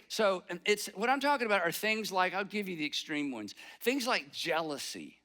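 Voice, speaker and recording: A man delivers a sermon in an easy, conversational way. His voice sits high and rings bright and forceful. He slips into quick acted lines of everyday inner talk. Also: big pitch swings. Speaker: pastor.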